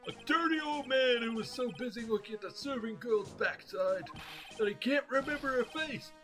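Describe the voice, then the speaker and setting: A man voicing a cranky, paranoid old male craftsman who rants and shouts. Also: normal speed, faint music behind. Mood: furious. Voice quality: shrill, ranting. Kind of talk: game dialogue read aloud.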